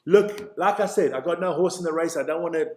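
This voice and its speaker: A man from Switzerland, his voice somewhat high and a little quick with a reverberant sound, narrates live play-by-play on a stream. He's chatty and excitable, reading out the chat and stumbling over players' names.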